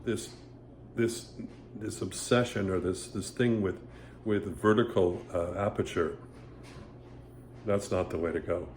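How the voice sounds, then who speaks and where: A man's voice: low-pitched, steady tone, measured pace, pauses often, a little mellow, a little hiss or hum. A man giving a casual singing lesson, rambling and stopping often to sing short vowel demonstrations. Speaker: voice teacher. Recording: echoey room with faint ambience.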